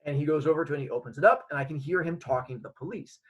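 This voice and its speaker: A man's voice: a little high, rapid-fire, husky, muffled recording. A man telling a funny story from his childhood, acting out the scenes. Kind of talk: comedic personal storytelling.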